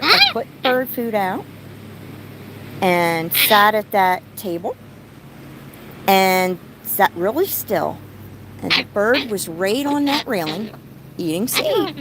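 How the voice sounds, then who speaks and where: Slow-talking middle-aged woman vlogger. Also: mid-range voice, lively intonation, background noise. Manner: chatty, breaks off to talk to her pet bird. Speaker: pet bird vlogger. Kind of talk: casual storytelling vlog. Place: rural home, outdoors.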